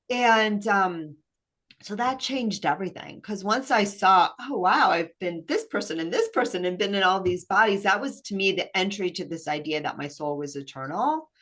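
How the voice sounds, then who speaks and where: A woman's voice: mid-range voice, animated, normal speed, fairly bright tone. A woman hosting a podcast, talking in a reflective way with loose, conversational phrasing. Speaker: podcast host. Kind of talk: casual chat.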